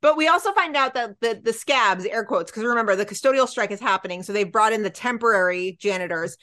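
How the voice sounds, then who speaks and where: Animated woman recapping a show. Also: a little high. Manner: animated, acts out characters' lines in quick voices. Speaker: podcast co-host. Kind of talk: casual chat recapping a TV episode.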